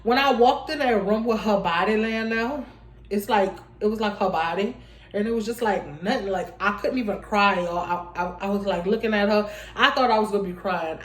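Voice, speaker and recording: A woman's voice: medium pitch, normal speed, fairly bright tone. Young woman talking with viewers in an echoey room. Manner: rambling, restarts often, addresses viewers as y'all. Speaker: vlogger. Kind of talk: casual heartfelt vlog talk.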